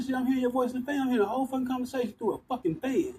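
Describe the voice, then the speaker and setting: A man's voice: extremely high pitch, racing, darkish tone, husky, low-quality recording. A man ranting into his phone outdoors, agitated, profane and repetitive. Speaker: vlogger ranting to camera. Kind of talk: rambling outdoor rant. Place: outdoors by walls and concrete.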